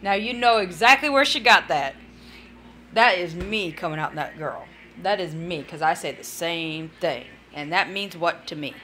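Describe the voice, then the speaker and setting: Bright-voiced tired woman live-streaming. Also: lowish voice, normal speed, a little hiss or hum. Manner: rambling, talks to chat viewers by name. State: tired, yawning. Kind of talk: casual live-stream chat.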